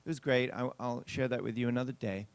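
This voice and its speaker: A man's voice: mid-range voice, fairly even intonation, quick pace, clear, resonant tone, dry recording. A male pastor telling a story in a sermon, chatting with the congregation and acting out what people said. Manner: chatty anecdotal telling with acted-out quotes; addresses the congregation directly.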